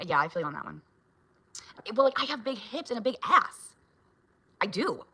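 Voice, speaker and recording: A woman's voice: fairly high pitch, big pitch swings, moderate pace, pushed and bright, slightly rough. A woman, a mom, chatting casually with her viewers in a vlog, reacting to their comments and laughing often. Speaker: vlogger and mom.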